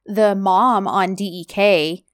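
A woman's voice: mid-range voice, fairly even intonation, slow, no echo. Chatty woman podcast co-host, dry sound. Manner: rambling and chatty, with frequent fillers. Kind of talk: casual chat.

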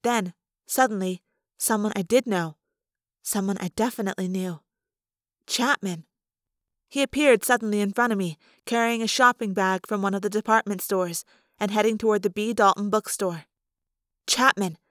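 A woman narrates a first-person novel chapter by chapter, telling the story in a steady, expressive way. Her voice sits at an ordinary middle pitch, and the recording is close and dry with no room sound. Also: a little fast, dry recording. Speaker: audiobook reader.

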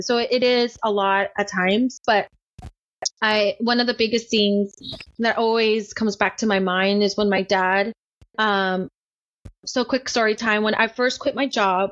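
A young woman who owns a business speaks candidly as a podcast guest, telling stories chattily with plenty of restarts and fillers. Her medium-pitched voice is a bit bright, captured in dull lo-fi sound.

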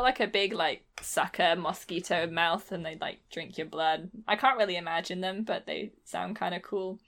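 A woman's voice: fairly low pitch, fairly bright tone. A woman co-hosting a podcast, recounting a book plot in a rambling, sweary chat style from her own studio. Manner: rambling, sweary, lots of fillers. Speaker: podcast co-host. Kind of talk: casual chat. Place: own home recording studio.

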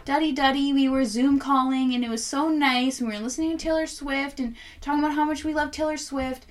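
A woman mimicking a gushing young female caller, recounting a date in a high, breathless voice. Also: steady tone, brisk, lightly acted.

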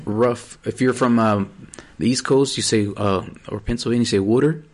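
A man's voice: medium pitch, fairly even intonation, a little fast. A man in casual podcast chat, talking loosely with plenty of swearing and laughter. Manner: loose, profane, laughing, playful.

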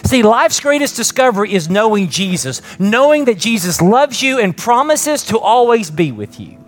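A man's voice: high-pitched, sing-song, normal speed. A middle-aged man preaching a sermon in a conversational way, asking rhetorical questions and building to emphatic points. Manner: rising emphatic peaks then soft prayerful close. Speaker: pastor. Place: church with live congregation and online stream.

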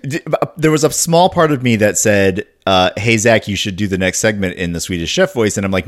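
A man's voice: on the low side, brisk, hardly any pauses. A man co-hosting a podcast in casual chat, reacting with enthusiasm and jokes. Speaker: podcast co-host.

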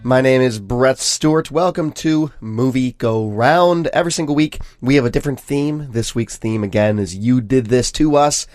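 A man hosting a film podcast, sick and talking through a nasal, stuffed-up voice, chatty and quick to laugh. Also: mid-range voice, a little mellow, dry recording, faint music behind. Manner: chatty, laughs often, friendly introductions. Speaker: podcast host. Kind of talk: casual film podcast chat.

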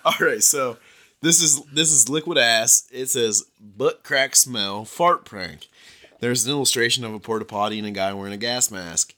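A man's voice: mid-range voice, fairly quick. A man co-hosting a podcast, rambling casually about games and laughing often. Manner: rambling, laughs often, reads labels aloud loudly. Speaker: podcast co-host. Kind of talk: casual chat.

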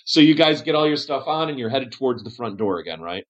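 A man's voice: mid-range voice, very animated, quick pace. A man narrating a tabletop game as game master, describing scenes with frequent fillers. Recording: dull lo-fi audio.

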